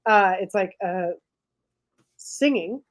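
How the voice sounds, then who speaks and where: A woman's voice: medium pitch, slow. Emphatic profane female podcast co-host. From family from the Azores, Portuguese heritage. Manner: emphatic, profane, laughs while talking. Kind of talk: casual chat.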